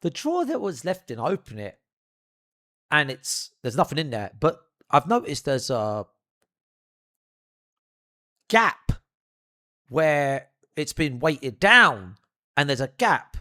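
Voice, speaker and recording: Young guy telling a crazy story, lots of swearing, super expressive ups and downs. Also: fairly high pitch, slow, pauses often. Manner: animated, profane, theatrical. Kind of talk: comedic anecdote.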